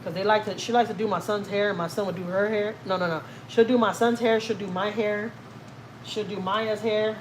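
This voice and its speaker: Mom chatting on a live from home, rambly and joking at herself, average pitch, faint hiss behind. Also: female voice, fairly even intonation, brisk, poor audio. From Houston, Texas. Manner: chatty, rambling, self-teasing, talks to viewers as y'all. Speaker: family vlogger hosting a livestream. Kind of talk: casual livestream chat, reading comments aloud.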